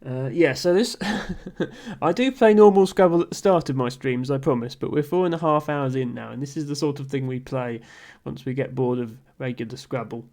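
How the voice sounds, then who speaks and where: Playing a word game on stream, this man talks with viewers at normal speed in a medium-pitched voice. His humor is dry and amused, and he thinks out loud with ums and quiet chuckles.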